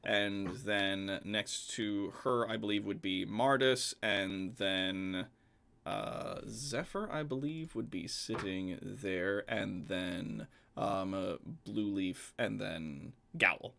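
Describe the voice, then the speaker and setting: A man narrating as game master, relaxed and full of fillers. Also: fairly low pitch, slow pace, creaky.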